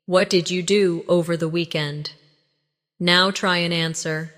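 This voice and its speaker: A woman narrating a scripted English lesson, leading slow repeat-after-me drills. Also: on the low side, fairly even intonation, fairly bright tone, big-room sound. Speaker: English teacher.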